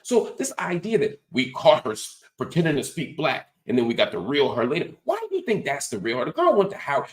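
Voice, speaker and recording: A man's voice: a little high, huge pitch swings, brisk, few pauses, echoey room. A man hosting a political commentary show, teaching in an emphatic, preacher-like cadence. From United States. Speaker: host.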